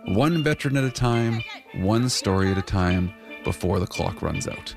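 A man's voice: fairly low pitch, animated, normal speed, creaky, music in the background. A middle-aged man co-hosting a show, playful and teasing in casual chat. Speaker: co-host.

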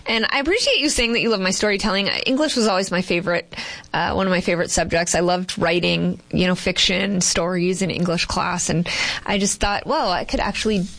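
A woman's voice: lowish voice, brisk, creaky, a bit bright. Chatty woman telling her story. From Boston, Massachusetts. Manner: chatty, rambling storyteller with frequent fillers and laughs. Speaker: guest, TV news reporter. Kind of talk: casual interview chat.

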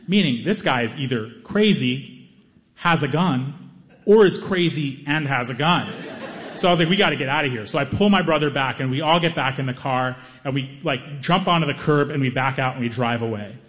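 A man telling a stand-up story, lively, acting out other people's lines. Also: moderate pace. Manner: animated, acts out other people's lines in higher voices. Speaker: stand-up comedian.

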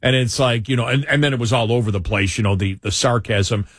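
A man's voice: medium pitch, fairly quick, fairly bright tone, breathy edge, dry recording, clean studio sound. A man co-hosting a talk show, talking in an emphatic, opinionated way and repeating himself for effect. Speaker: co-host.

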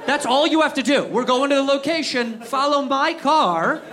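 A young man doing a stand-up routine, animated and ranting, swearing and acting out voices. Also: very high-pitched, moderate pace. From United States. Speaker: stand-up comedian. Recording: live club with audience laughter. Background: crowd laughing.

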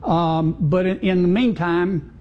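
A man speaking as a senator in an interview, blunt and folksy, pausing with fillers. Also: high voice, muffled recording. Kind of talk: interview answer.

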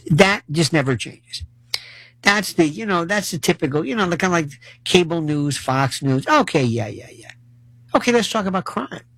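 A man's voice: fairly high pitch, creaky, a bit bright, no room sound. A man delivering solo political commentary, sarcastic, rattling off long lists of issues.

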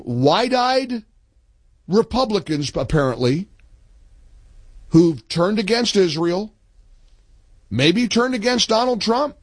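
Older male talk radio host, higher-pitched, very lively delivery, dry close mic. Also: slightly rough, dry recording. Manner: emphatic, animated, swings between low asides and high outbursts. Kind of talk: political talk radio monologue.

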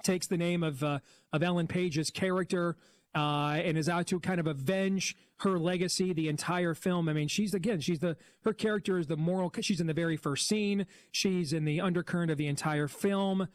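Male filmmaker guest: slightly high pitch, dry close mic, blunt and critical opinions. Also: steady tone, moderate pace, no room sound. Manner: blunt, critical, many "uh" fillers. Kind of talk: opinionated film commentary.

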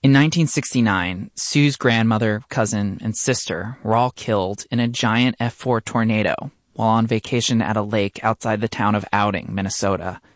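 A man narrating a radio story in a measured, calm, scripted way. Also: lowish voice, no room sound, studio quality.

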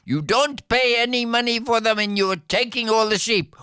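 Man doing a brash boastful shepherd lad, high-pitched and loud. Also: moderate pace, clean tone, no room sound, studio quality. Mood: defiant. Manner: loud, cocky, shouting boasts.

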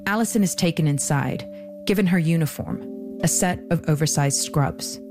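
A woman hosting a podcast, reading scripted documentary narration in a measured, even way. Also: low-pitched, soft background music.

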